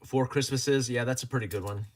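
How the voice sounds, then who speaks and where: A man's voice: mid-range voice, fairly even intonation, brisk. A man hosting a casual livestream, chatting and joking as he reads viewer comments aloud and laughs often. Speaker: livestream host.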